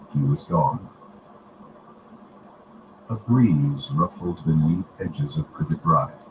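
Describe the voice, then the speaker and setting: Guy reading a story aloud on stream, low voice, hissy background. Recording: noisy home recording.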